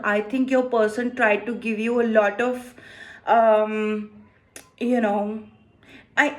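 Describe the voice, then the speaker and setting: A woman giving a tarot card reading to viewers, emotive and exclaiming as she thinks aloud. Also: fairly high pitch. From India. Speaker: tarot reader.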